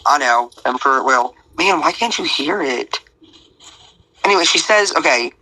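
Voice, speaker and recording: A man's voice: fairly high pitch, lively intonation, normal speed, sharp tone, rough recording. A man giving rambling, blunt, profane casual commentary to an online audience.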